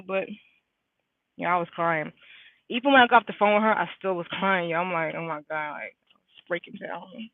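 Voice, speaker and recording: A woman's voice: on the low side, fairly quick, pauses often, no room sound. A stressed young woman talks straight to her phone from her car, venting candidly in a loose, slangy vlog. Her voice comes through thin and tinny like a phone line, with no room sound at all. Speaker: nursing student vlogger. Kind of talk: casual vlog. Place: in her car, parked at school.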